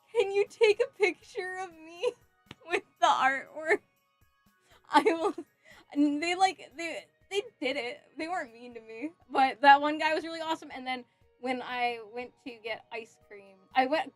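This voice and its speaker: A woman's voice: sits high, a bit bright, no room sound. A young adult woman chatting casually on a cosplay livestream while she works, telling stories with frequent giggles. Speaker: cosplay streamer.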